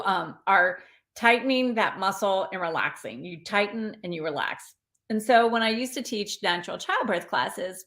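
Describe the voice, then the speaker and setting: Hosting a casual live stream, a spiritual coach reads out her viewers' comments and praises them, chatting encouragingly and frequently restarting her sentences. Her voice is mid-range with a fairly bright tone.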